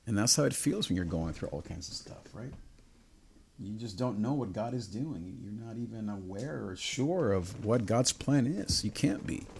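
A man's voice: fairly low pitch, animated, normal speed, gravelly, a little mellow, slight background noise. A middle-aged man preaching a personal sermon, earnest and repetitive, stacking phrases into building lists.

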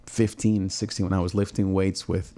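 A man's voice: deep voice, level tone, moderate pace, mellow, faint music behind. A middle-aged man from Southern California, a pastor, talking earnestly about his drive, repeating words as he builds intensity. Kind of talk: personal reflection talk.

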